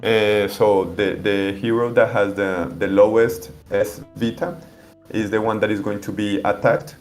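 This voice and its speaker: A man's voice: lowish voice, steady tone, a little slow, darkish tone, faint music behind. A man being interviewed as a game designer, explaining the rules step by step with many restarts. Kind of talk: interview answers.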